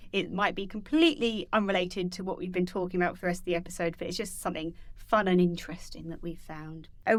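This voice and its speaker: A woman's voice: medium pitch, no room sound. Woman podcast cohost, chatty, keeps laughing and telling the editor to cut stuff, dry mic. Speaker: podcast co-host. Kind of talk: casual podcast chat with bloopers.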